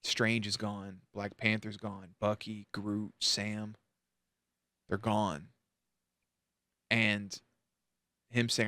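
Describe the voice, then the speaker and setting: A man's voice: fairly low pitch, level tone, drawn-out words, pauses often, bright, forceful tone, dry recording. A man hosting a reaction channel, telling a story to camera in a candid, emotional way with casual swearing.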